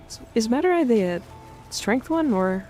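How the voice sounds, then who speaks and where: A woman streamer chatting casually while gaming, crude and excitable, swearing freely. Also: on the high side, moderate pace, faint music behind.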